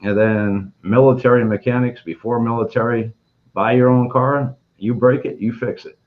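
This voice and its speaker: A man's voice: mid-range voice, steady tone, normal speed, phone-quality sound. A man answering interview questions as a guest, speaking plainly in short, clipped phrases.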